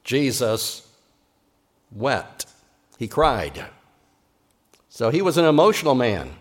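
A man preaching a sermon in an earnest, measured way, repeating key phrases for emphasis. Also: mid-range voice, very animated. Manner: soft, slow closing prayer. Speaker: pastor.

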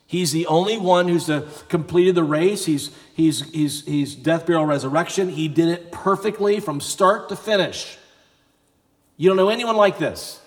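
A man preaching a sermon, telling a story with rising energy and bursts of shouting. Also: fairly high pitch, normal speed, few pauses. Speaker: pastor. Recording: long hall reverb.

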